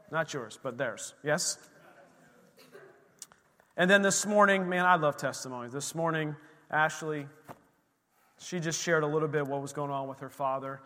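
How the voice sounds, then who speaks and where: Male pastor, slightly high, bright and emphatic, losing his voice, long church reverb. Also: unhurried, long pauses. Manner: emphatic, exclaiming praise, frequent amens. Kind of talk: sermon. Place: church sanctuary.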